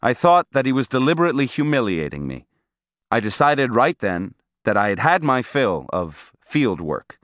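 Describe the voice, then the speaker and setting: A man narrating a first-person story in an expressive, scripted reading. His pitch moves a great deal from line to line. The recording is dry and close, with no room sound. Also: normal speed, no room sound. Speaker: audiobook narrator.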